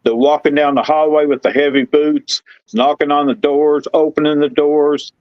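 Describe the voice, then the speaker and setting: A middle-aged man, telling rambling, excitable stories in casual chat. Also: a little high, moderate pace, clean tone, no echo, dull audio. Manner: folksy, rambling, excitable storyteller. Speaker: guest telling paranormal stories.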